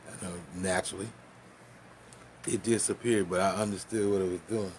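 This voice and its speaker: A man telling a profane, animated story in casual talk, with laughs and spoken sound effects. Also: sits low, normal speed, a little hiss or hum.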